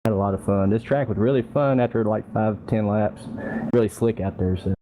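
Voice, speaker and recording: Male driver, post-race chat, casual and halting, deep even delivery. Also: narrow, tinny audio, noisy background. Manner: casual, halting with many fillers.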